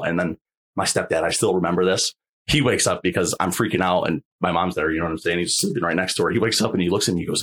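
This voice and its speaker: A man's voice: deep voice, fast talker, fairly bright tone, husky. A young man, a podcast guest, telling a personal story in a rambling, casual way, full of fillers and checking in with the listener.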